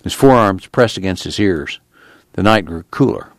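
A man reading a novel aloud in steady, measured narration. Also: sits low, dry recording, clean studio sound. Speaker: audiobook reader.

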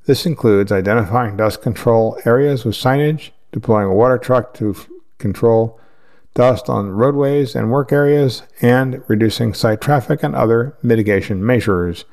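A man reads news articles aloud in a steady, measured voice. His pitch sits in an ordinary middle range. He keeps a plain, even delivery with the odd stumble. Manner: steady, measured reading with occasional slips. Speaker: news reader.

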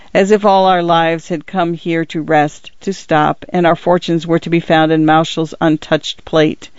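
A woman reading short stories aloud as the narrator of a reading service, measured and even. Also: low voice, no echo. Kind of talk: scripted narration. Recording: dull, dry lo-fi recording.

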